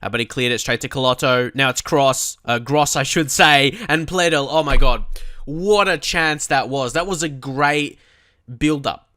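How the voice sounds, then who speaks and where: A young man giving loose, excitable commentary on the football match he is managing, swinging from hopeful chatter to frustrated swearing. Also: mid-range voice, unhurried, no echo, studio quality. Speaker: gaming commentator. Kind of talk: live match commentary while playing.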